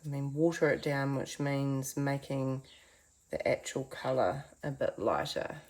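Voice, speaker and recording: A woman's voice: very deep voice, a little slow, darkish tone. A woman giving a chatty, encouraging painting tutorial from her home art studio, talking to viewers as friends. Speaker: art teacher.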